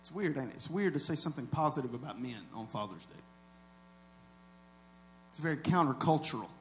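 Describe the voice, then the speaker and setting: A man preaching a sermon as a pastor, talking to the congregation in a conversational way, dropping to low asides and building to loud shouted peaks. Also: lively intonation, fairly quick, slight background noise.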